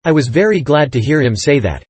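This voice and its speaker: A man's voice: fairly high pitch, brisk, breathy edge. A man narrating a first-person novel in a folksy storytelling manner. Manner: folksy storytelling with lively dialogue. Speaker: audiobook narrator.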